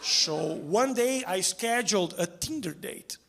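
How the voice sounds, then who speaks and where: A man's voice: high-pitched, measured pace, gravelly. A man performing a stand-up comedy set, acting out the voices in his stories. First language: Portuguese. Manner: animated storytelling, acts out voices, shouts for punchlines. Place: theater stage before a live audience.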